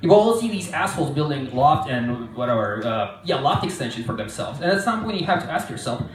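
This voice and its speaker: Animated man ranting on a comedy stage. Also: fairly high pitch, fairly quick, a little hiss or hum. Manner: animated, sarcastic, exasperated. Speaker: stand-up comedian arguing a mock court case. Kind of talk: live comedy rant. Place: live comedy venue in a room. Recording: roomy hall sound, mic at a distance.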